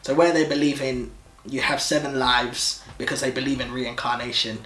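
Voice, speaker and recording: A young man co-hosting a casual couple vlog, explaining things in a relaxed way and laughing easily. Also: medium pitch, moderate pace. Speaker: vlog co-host. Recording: echoey room.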